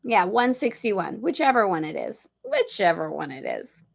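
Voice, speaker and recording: A middle-aged woman hosts a casual livestream, chatty and upbeat as she rambles through playful asides. Her voice sits at an ordinary pitch but carries a steady gravelly fry. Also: normal speed. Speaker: host of a spiritual study livestream. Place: on a boat.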